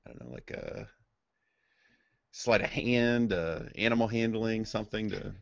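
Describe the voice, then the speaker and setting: A man's voice: lowish voice, measured pace, gravelly, dry recording. A man playing a tabletop game, hesitant and full of ums and restarts. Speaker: player. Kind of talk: tabletop game play over voice chat. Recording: dull dry lo-fi mic.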